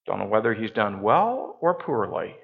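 Animated pastor preaching a sermon. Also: male voice, fairly low pitch, moderate pace, creaky, slight background noise. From Canada. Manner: animated, conversational, self-deprecating. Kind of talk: storytelling sermon. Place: church. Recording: muffled lo-fi church recording.

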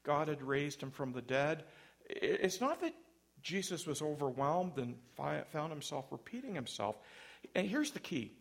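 A man's voice: fairly high pitch, very animated, moderate pace, gravelly. A man preaching a sermon in church, conversational and self-deprecating, with light humor between points. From Canada.

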